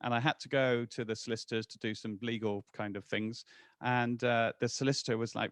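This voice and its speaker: A man's voice: mid-range voice, fairly quick, no room sound, studio quality. A man in his forties, a guest talking in a casual interview with lots of restarts. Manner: animated, restarts often.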